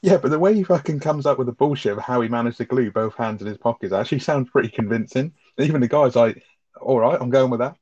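A man chatting fast and rambling about a film, swearing heavily and laughing. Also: mid-range voice, darkish tone, husky, dry recording, highs cut off. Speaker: film review podcast co-host. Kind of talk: casual chat, reacting to a film.

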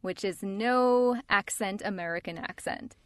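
A woman voice actor in casual chat, telling stories in a lively, animated way. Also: medium pitch, unhurried, no echo, clean studio sound. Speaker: voice actor, podcast co-host.

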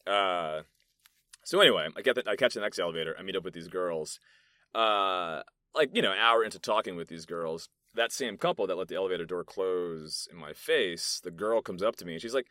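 A man's voice: deep voice, fairly quick, bright, forceful tone, no room sound, studio quality. A young man from New York hosting a solo podcast, rambling and swearing through loose stories full of fillers, recorded in a soundproof meeting room. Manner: rambling, profane, storytelling with many fillers. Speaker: podcast host. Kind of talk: casual solo podcast monologue.

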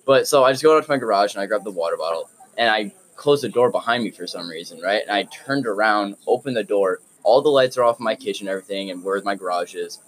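A man's voice: fairly low pitch, fast, few pauses, low-quality recording. A young man co-hosting a casual chat, telling a rambling story and tagging lines with "right?". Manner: rambling, says "right?" a lot. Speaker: co-host.

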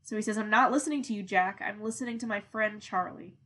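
A young woman co-hosting a podcast in casual chat, animated, laughing often and swearing freely. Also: mid-range voice, quick pace, breathy edge. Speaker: podcast co-host.

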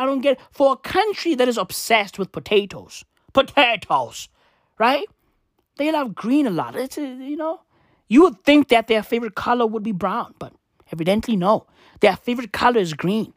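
A woman's voice: fairly high pitch, dry recording, studio quality. A young woman ranting in a profane comic monologue, slangy and repetitive, laughing at her own jokes.

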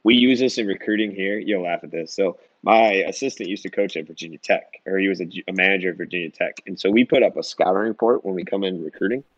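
A young adult man, a basketball coach, telling animated stories in a casual interview and acting out quoted dialogue. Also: sits low, fast, hardly any pauses, no echo, dull audio. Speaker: junior college head coach, guest.

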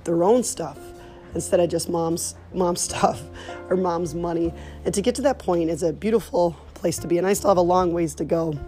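A woman, a mother, earnestly telling personal faith stories in a casual, animated way. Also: lowish voice. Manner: earnest, animated retelling with laughs.

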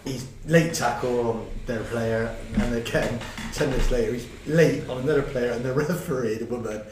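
A man, a former football manager telling a quick, chuckling anecdote in casual talk. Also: mid-range voice. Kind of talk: casual storytelling. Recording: roomy, distant mic, clear background noise.

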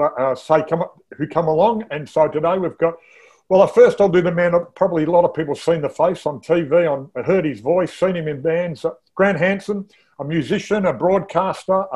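A man's voice: a little high, darkish tone. A man hosting an interview show, chatty and enthusiastic, often restarting sentences. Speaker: host.

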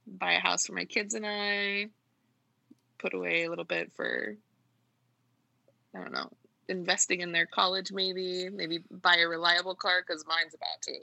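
A woman's voice: on the low side, normal speed, gravelly, pauses often, pushed and bright, no echo, low-quality recording. A woman in casual chat who laughs easily and talks freely. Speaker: conversation partner.

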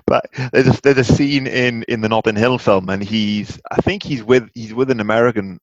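A man's voice: mid-range voice, moderate pace, no echo, muffled recording. A man in casual podcast chat, telling rambling stories and chuckling often.

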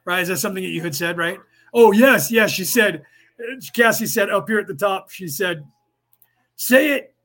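A man's voice: sits high, a bit bright. A middle-aged man leading a podcast study class, talking in a rambling way with many fillers and restarts. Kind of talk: lecturing study-group talk.

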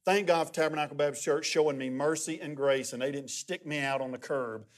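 A middle-aged man preaching as a guest pastor, telling stories in a lively, humorous way. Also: a little high, a little fast. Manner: animated, humorous storytelling with many restarts. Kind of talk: sermon.

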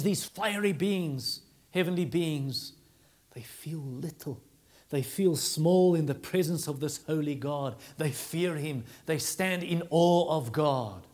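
Emphatic preacher, man. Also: fairly high pitch. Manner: emphatic, repeats phrases for stress. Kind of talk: sermon.

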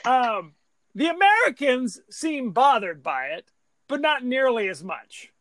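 A man co-hosting a podcast, recapping a movie plot with enthusiasm and quick agreements in casual chat. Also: extremely high pitch, big pitch swings, fairly bright tone. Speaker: podcast co-host.

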